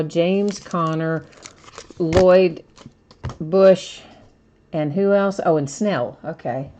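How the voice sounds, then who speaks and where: A woman's voice: fairly low pitch, a little hiss or hum. A woman hosting a live card break stream, chatting casually with viewers, greeting them by name and laughing easily.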